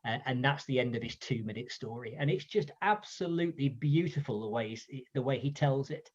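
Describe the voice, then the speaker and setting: A man from the UK recounting an anecdote in a chatty, animated way at a storytelling event. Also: medium pitch, fairly quick, highs cut off. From United Kingdom. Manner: chatty, animated, acts out voices in quotes. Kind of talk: casual storytelling talk.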